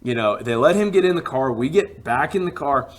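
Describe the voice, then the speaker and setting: A man from Alabama, telling a personal travel story in a casual, animated way and acting out what people said. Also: mid-range voice, a little fast. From Alabama, USA. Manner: animated, acts out quotes with rising emphasis.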